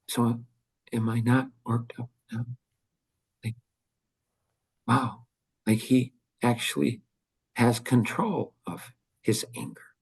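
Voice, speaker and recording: An older man hosting a casual podcast, talking emphatically and swinging between loud bursts and hushed asides. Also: mid-range voice, expressive, slow pace, long pauses, husky. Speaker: podcast host.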